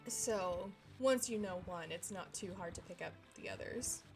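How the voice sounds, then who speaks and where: While gaming on stream, a Texan woman talks easily with her chat as video game music plays. She speaks a little slowly in a fairly low-pitched voice.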